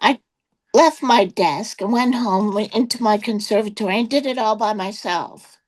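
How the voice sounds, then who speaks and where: A woman's voice: mid-range voice, moderate pace, a little mellow, rough recording. An older woman giving her personal testimony as an interview guest, telling a rambling story full of quoted exchanges and fillers.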